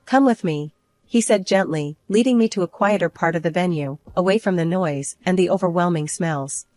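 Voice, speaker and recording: A woman reads a first-person story aloud in an even, measured way. Her voice sits fairly low. The sound is dry and close to the mic. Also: dry recording. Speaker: narrator.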